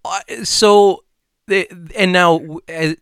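A man's voice: sits high, fairly even intonation, slow pace, a bit bright, smooth, dry recording, studio quality. A man co-hosting a podcast, talking through his points step by step in casual discussion. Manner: thoughtful, explains step by step. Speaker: podcast co-host.

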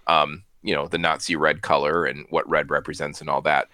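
A man's voice: extremely low pitch, little pitch movement, fairly quick, bright, forceful tone, dry recording, studio quality. A man co-hosting a podcast, chatting casually and joking, with frequent laughs. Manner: jokey, rambling, laughs often. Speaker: podcast co-host. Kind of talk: casual chat.

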